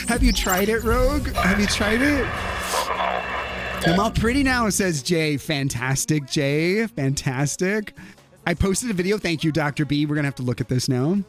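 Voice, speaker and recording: A man's voice: sits high, moderate pace. A man hosting a livestream, chatting casually and reading viewer comments aloud, laughing often. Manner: animated, laughs often, lively. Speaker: livestream host. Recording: faint music behind.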